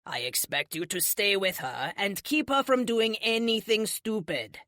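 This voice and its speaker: A stern male healer, voiced by a woman in an audiobook, lecturing firmly with a lively, rising delivery. The recording is dry and close. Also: medium pitch, measured pace, dry recording.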